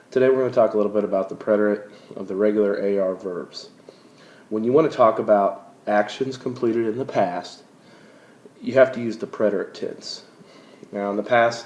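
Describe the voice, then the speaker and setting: Teacher, male, low voice, deliberate pronunciation, echoey muffled home recording. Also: darkish tone. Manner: slow, careful pronunciation of Spanish words. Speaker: Spanish teacher. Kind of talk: recorded classroom lesson. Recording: roomy, dull lo-fi recording.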